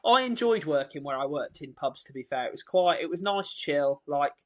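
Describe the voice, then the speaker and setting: Young male co-host, slightly high voice, chatty storyteller who mimics the people he quotes. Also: expressive, normal speed. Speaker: podcast co-host. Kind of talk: casual chat.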